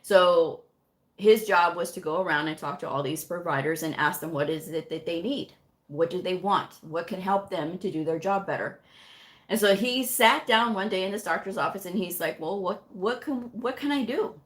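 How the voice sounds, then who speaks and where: A middle-aged woman who teaches medical coding tells a story from work in a chatty, animated live-stream style, saying "you know" again and again. She speaks at a moderate pace with a fairly low pitch.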